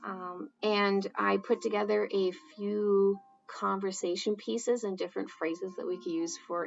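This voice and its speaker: A woman teaching sign language in a casual, relaxed way, with lots of fillers. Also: medium pitch, vocal fry, lo-fi sound. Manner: slow, relaxed, with many fillers and acted example phrases. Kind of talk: casual instructional talk.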